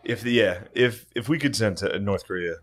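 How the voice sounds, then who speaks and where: A young comedian with a lowish voice, co-hosting a podcast. He drops dry, deadpan, profane one-liners in loose banter. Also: normal speed.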